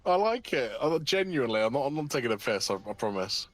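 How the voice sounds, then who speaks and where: A man's voice: medium pitch, big pitch swings, fast. A man chatting casually as a guest on a stream, reacting with lots of exclamations. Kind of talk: casual chat.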